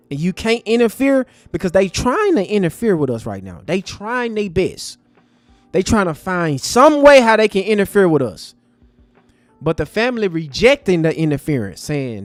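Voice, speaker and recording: Male livestream host, high voice, impassioned and preachy, faint music bed. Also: very animated, normal speed, no room sound. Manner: impassioned, preachy, talks to chat as family. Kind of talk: livestream commentary.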